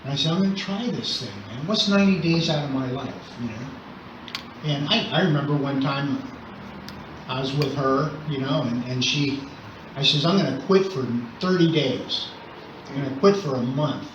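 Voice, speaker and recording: A man's voice: fairly high pitch, normal speed. An older man sharing his recovery story at a meeting, talking in a conversational way with wry humor. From Southern California. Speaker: AA meeting speaker. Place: meeting hall. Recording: roomy, distant, muffled with noise.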